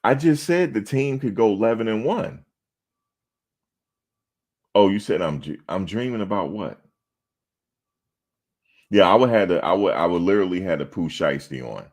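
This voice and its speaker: A man with an exceptionally deep voice hosts a sports talk show. He banters loosely with viewers in the chat, mocking them and repeating lines for laughs. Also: very animated, moderate pace, darkish tone. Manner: trash-talking, mocking, repeats himself for laughs. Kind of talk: casual chat responding to live chat.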